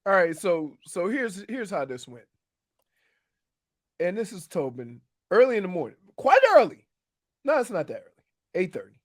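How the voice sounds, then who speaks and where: A man's voice: sits high, very animated, moderate pace, pauses often. A man co-hosting a sports radio show, telling jokey stories in casual banter and laughing at his own lines.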